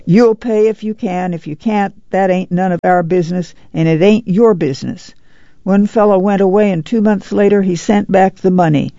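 A stern, proud woman who runs the migrant camp scolds in a commanding drawl, as an audiobook reader puts her on. Her voice sounds gravelly and dark in a dry, dull lo-fi recording. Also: mid-range voice, steady tone, moderate pace, no room sound, voice pushed up, natural voice.

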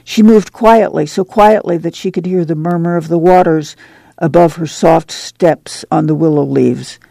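Man reading a novel aloud, gravelly, mellow, dry close sound. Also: a little high, normal speed, no echo. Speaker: audiobook narrator. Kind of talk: scripted narration.

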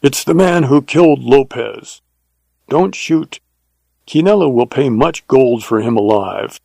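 Harsh, commanding bandit chief read by a man, gravelly, up close in an audiobook western. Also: medium pitch, lively intonation, measured pace, a little mellow, no room sound, low-quality recording. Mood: shouting orders.

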